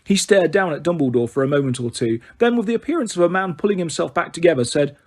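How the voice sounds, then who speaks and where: A man's voice: on the high side, animated, fast, few pauses, a little mellow. A man reading an audiobook aloud as narrator, telling the story steadily.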